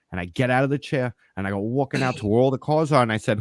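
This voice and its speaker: A man's voice: medium pitch, fast, hardly any pauses, dry recording, clean studio sound. A man telling a story in casual podcast chat. He swears constantly and acts out the other people's lines. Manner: profane and animated, acts out the voices of others.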